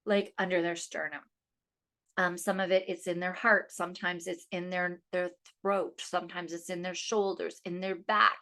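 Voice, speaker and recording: A woman in her thirties with a slightly lower voice hosts her own podcast. She tells personal stories in a casual, chatty monologue and acts out the dialogue with lively energy. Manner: chatty, animated retelling with quoted dialogue. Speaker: podcast host.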